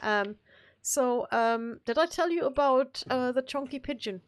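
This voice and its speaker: A woman's voice: high-pitched, a little slow, clear, resonant tone, no room sound. Chatty woman telling rambling stories. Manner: rambling, playful storyteller. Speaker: co-host of a gaming live stream. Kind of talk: casual gaming chat.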